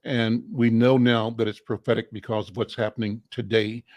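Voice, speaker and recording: A man hosting a community interview, speaking slowly and haltingly with many filler sounds. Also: medium pitch, flat delivery, a little mellow, dry recording. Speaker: interview host.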